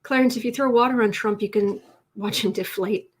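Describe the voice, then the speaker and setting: A woman's voice: mid-range voice, steady tone, a little fast. A woman hosting a live tarot stream, chatty and emotional, teary at times, reading out viewer comments. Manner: emotional and chatty, many restarts.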